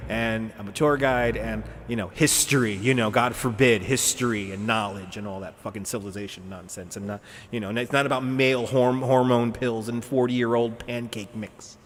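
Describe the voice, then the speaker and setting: A man in his thirties from the United States talks through a live stream in loose, rambling chat. He is sarcastic and swears freely, with chuckles along the way. His mid-pitched voice carries a long, roomy reverb over clear steady background noise. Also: moderate pace, hardly any pauses.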